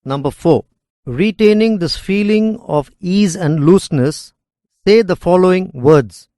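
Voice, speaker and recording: A man reading educational course material aloud in a measured, deliberate way. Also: sits high, expressive, warm tone, no echo, clean studio sound. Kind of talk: scripted educational narration.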